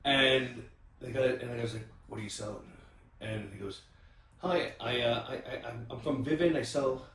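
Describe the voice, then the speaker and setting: A man tells stories in a loose, animated way, stopping to restart and filling gaps with ums. He sits some distance from the mic in a room that echoes. He hosts a casual round-table chat. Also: medium pitch, normal speed, creaky. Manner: animated storyteller with many restarts and fillers. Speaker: podcast host.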